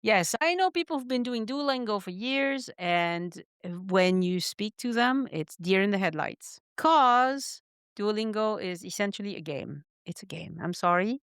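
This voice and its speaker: A woman's voice: mid-range voice, lively intonation, a little slow, a bit bright, smooth, dry recording, studio quality. A woman hosting a podcast interview, frank and emphatic in her opinions, speaking English as a learned language. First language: not English. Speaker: podcast host. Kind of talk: interview conversation.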